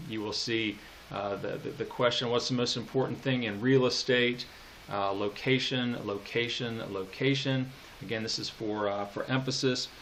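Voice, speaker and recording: A man's voice: mid-range voice, a bit bright, slight background noise. A man giving a recorded lecture on a poem, explaining patiently and thinking aloud with frequent fillers and restarts. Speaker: literature teacher.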